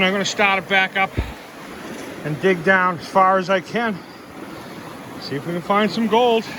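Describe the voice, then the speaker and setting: A man chatting casually on camera while gold prospecting outdoors by a river, easygoing and talkative. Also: high voice. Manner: chatty, easygoing, talks while eating and working. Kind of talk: casual outdoor vlog narration. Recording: loud river noise outdoors. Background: rushing river water.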